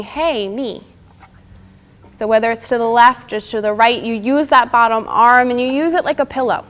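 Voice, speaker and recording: Young woman, mindfulness instructor, slightly high voice, gentle guiding cues. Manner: gentle, soothing spoken cues. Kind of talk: guided mindfulness and stretching session.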